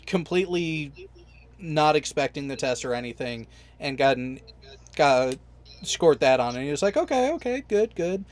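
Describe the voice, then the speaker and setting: A man hosting a casual panel of veterans, telling stories in a lively, swearing manner. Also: mid-range voice, normal speed. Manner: animated storyteller, swears freely. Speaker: podcast host and veteran.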